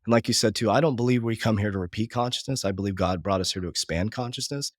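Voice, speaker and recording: A man in his forties who talks at a brisk clip in a lowish voice. He speaks with heartfelt emotion about faith and family. The sound is dry and close. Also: dry recording. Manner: fast, heartfelt, religious. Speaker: business coach, guest. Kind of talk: emotional podcast conversation.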